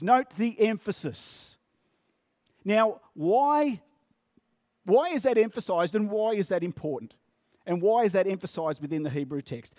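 Male preacher, fairly high voice, dry close sound, measured delivery that leans on key words. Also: lively intonation, darkish tone, no echo. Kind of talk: sermon.

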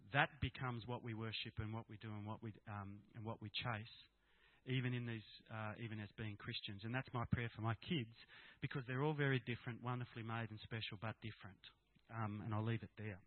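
A middle-aged Australian man speaks at a fairly quick pace in a medium-pitched voice, giving a candid, plain-spoken personal talk to a gathering of Christian fathers. The recording is dry and tinny, like a phone, with no room sound.

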